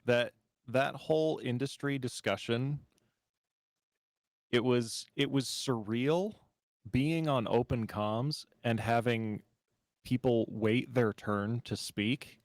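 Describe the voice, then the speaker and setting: A man speaks very slowly on a casual gaming podcast, dropping wry, amused remarks. The recording is dry and close, with no room sound at all. His pitch sits in an ordinary middle range. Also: dry recording.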